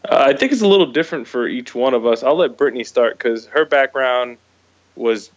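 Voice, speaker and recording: A man from Florida, a guest speaking in an easygoing, relaxed way in a casual interview. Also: mid-range voice, a little fast, dull audio. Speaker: guest, business co-owner.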